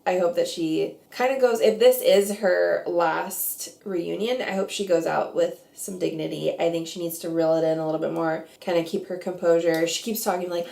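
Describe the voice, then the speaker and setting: A woman's voice: on the low side, steady tone, a little fast, vocal fry, few pauses, mellow, echoey room. A woman vlogging her reality TV reactions in a casual, opinionated way, with lots of "like". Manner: chatty, opinionated, heavy use of "like". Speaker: reality TV commentator.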